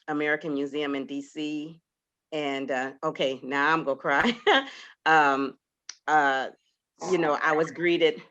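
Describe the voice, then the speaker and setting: Slow, bright-voiced woman in her sixties. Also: very deep voice, muffled recording. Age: 60s. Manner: emotional, laughing often, trailing off. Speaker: poet, community member. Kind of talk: heartfelt spoken tribute.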